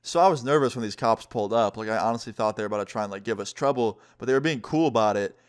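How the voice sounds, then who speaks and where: A man telling a story to his viewers in a casual, animated way, swearing freely. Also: lowish voice, rapid-fire. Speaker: vlogger.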